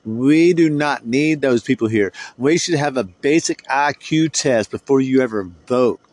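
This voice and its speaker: A man's voice: medium pitch, a little slow, a little mellow, dry recording. A middle-aged man from the United States, hosting a podcast and ranting in a heated, profane, rambling way. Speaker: podcast host. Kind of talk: solo podcast rant.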